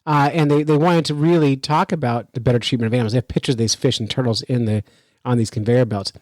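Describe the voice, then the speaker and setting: A man's voice: medium pitch, quick pace, no echo, rough recording. Chatty man hosting a podcast. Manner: animated, chatty, laughs while telling stories. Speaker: podcast host. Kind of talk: casual storytelling and news commentary.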